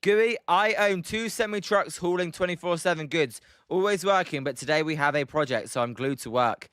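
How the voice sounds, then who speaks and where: Calling a baseball game on a live stream, a British man does play-by-play and chats with viewers, reading their comments out loud. He speaks at a moderate pace in a slightly high, fairly bright, clear and resonant voice, recorded in clean studio sound with no echo. Between plays he's chatty and says um often.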